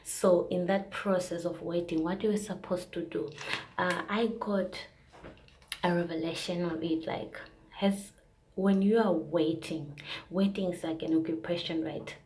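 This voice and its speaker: A woman's voice: on the low side, fairly even intonation, a little slow, darkish tone, slight background noise. A young woman vlogger sharing a casual, earnest faith testimony, rambling with fillers and restarts.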